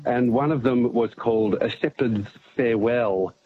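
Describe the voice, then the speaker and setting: A man calling in to a radio show, speaking hesitantly with many pauses and fillers. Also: mid-range voice. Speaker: radio caller. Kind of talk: casual chat on a call-in show. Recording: tinny phone line.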